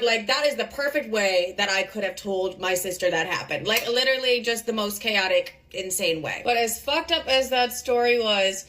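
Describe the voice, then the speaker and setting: A woman's voice: mid-range voice, fairly bright tone. A young woman in her twenties telling a chaotic personal story in a casual, profane, filler-heavy way.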